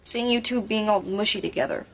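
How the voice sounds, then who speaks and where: An actress playing a flustered, upbeat teen girl in sitcom dialogue, expressive and easily exasperated. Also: medium pitch, a little fast, lightly acted.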